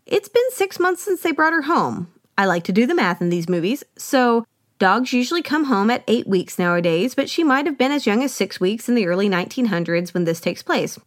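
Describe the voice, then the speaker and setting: A woman hosts a podcast and recaps a film in a chatty, wry way, full of playful asides. Her pitch jumps around a lot. The sound is dry and close, with no room echo. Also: sing-song, brisk. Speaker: podcast host. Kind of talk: solo movie recap commentary.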